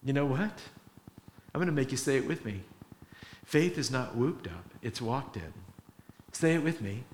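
A man's voice: on the high side, normal speed. A male pastor preaching a sermon, telling stories with animation and acting out the people in them. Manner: animated storytelling, acting out quotes with laughter. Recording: roomy echoey sound.

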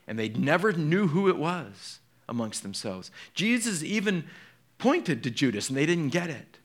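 A male pastor preaching a sermon in an animated way, moving between hushed and emphatic and putting questions straight to his congregation. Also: fairly high pitch, normal speed.

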